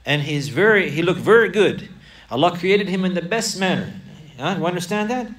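A man's voice: sits high, moderate pace, distant mic. A man teaching a religious lesson to children, asking questions, repeating key phrases and stacking lists. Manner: asks and repeats questions, animated, builds lists. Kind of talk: Islamic lesson for kids with questions.

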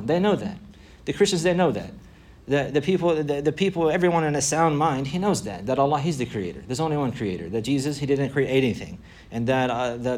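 Male religious teacher, rapid delivery, repeats phrases for emphasis, quick Arabic recitation. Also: mid-range voice, darkish tone. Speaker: Islamic teacher. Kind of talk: religious lesson.

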